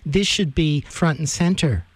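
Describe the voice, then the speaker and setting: A man hosts a radio interview, agreeing with his guest and pressing his points with emphasis. His voice is a little high for a man. The recording is dry, with no room around it. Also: unhurried, slightly rough, no echo. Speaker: radio host.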